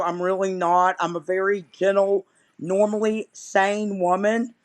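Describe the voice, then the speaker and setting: A woman's voice: medium pitch, flat delivery, measured pace. A woman guest on a live stream, ranting in an angry, exasperated, vehement way. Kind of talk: impassioned ranting.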